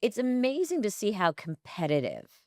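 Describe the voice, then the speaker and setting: A woman's voice: mid-range voice, huge pitch swings, normal speed, warm tone, no echo, studio quality. A woman in her fifties hosting a casual interview, wry and conversational as she asks questions. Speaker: host.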